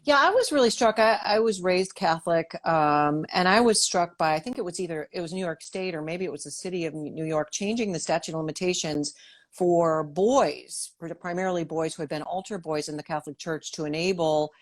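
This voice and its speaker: A woman's voice: lowish voice, a little fast. A woman hosting a political interview, talking thoughtfully with many restarts. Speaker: host. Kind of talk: interview talk.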